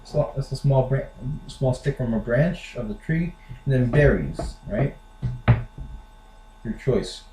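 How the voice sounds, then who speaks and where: A man's voice: mid-range voice, slow pace, long pauses, background noise. An American man chatting casually to the camera, rambling with lots of fillers. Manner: rambling, with lots of "like" and "you know". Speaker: vlogger. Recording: echoey room.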